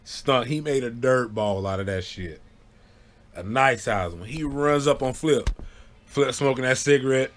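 A man casually telling funny childhood stories, animated, breaking into loud high yelps when he acts out what people said. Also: measured pace, slight background noise. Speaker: storyteller. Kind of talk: casual storytelling to camera.

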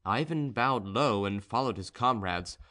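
A man's voice: on the low side, animated, measured pace, pushed and bright. Man narrating a classic novel. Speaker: audiobook narrator. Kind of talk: scripted narration.

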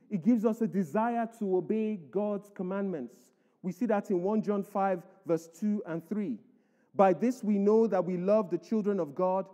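A man's voice: high-pitched, mellow. A man preaching a sermon as pastor, emphatic, reading scripture aloud to the church. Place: church hall. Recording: echoey church hall.

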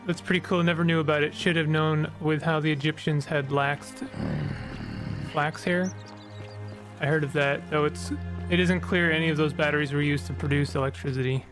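A man's voice: fairly high pitch, level tone, moderate pace. A man giving casual, joking let's-play commentary, reacting aloud as he plays. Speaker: gaming streamer. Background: game music.

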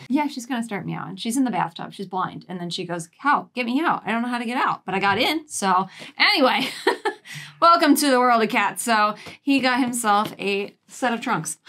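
Chatty woman showing off her haul at home, slightly high voice, giggles and coos at her cats. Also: pushed and bright. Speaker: vlogger. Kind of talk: casual shopping haul show-and-tell.

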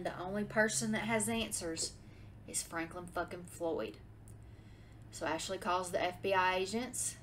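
A woman recaps a crime documentary for her podcast in a loose, conversational way. She drifts into exasperated, sassy rants. A faint noise floor sits under her voice. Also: mid-range voice. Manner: chatty, swings into exasperated ranting. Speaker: podcast host. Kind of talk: casual true-crime recap.

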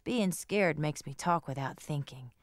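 A woman's voice: deep voice, lively intonation, measured pace. A woman voicing a restless young male toy dog who whines and blurts things out. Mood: whiny. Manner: whiny and blurting. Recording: guitar music behind.

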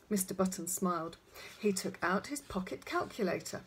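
A woman's voice: on the low side, lively intonation, normal speed, slight background noise. A woman reading a children's story aloud, chatting directly to young listeners.

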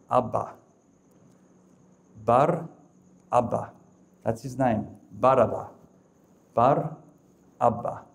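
Speaking in a mid-range, slightly mellow voice, a man gives a religious talk to a live audience. His preaching is emphatic and repetitive, and he addresses his listeners directly.

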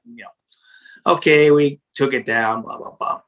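A middle-aged man, a pizza restaurant owner, telling a story in a casual interview in a blunt, animated, profane way. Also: medium pitch, unhurried, rough recording.

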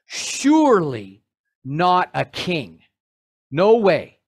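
A male pastor preaching a sermon in an animated way, with joking asides to his congregation. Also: sits high, drawn-out words, husky.

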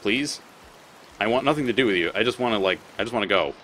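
A man's voice: on the low side, lively intonation, quick pace, fairly bright tone, slight background noise. A man giving casual gameplay commentary as a let's play host; he swears often and talks back at the creatures on screen.

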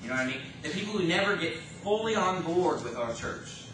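A man's voice: fairly high pitch, animated, brisk, noisy background. A man preaching a sermon as pastor, emphatic and rising and falling in force, recorded from a distance in an echoey church. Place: church sanctuary. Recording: echoey church room from far off.

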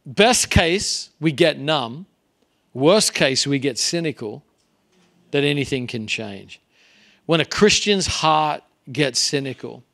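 A man's voice: a little high, fairly bright tone. Earnest male guest preacher. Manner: earnest, conversational, varying pace and volume. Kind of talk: sermon. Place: church.

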